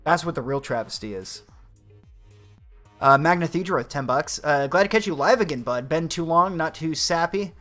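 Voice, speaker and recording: A fairly high-voiced man hosting a live stream, sarcastic and exasperated, with plenty of swearing. Faint music runs quietly behind him. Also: animated, moderate pace. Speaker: livestream host. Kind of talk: profane political rant on a live stream.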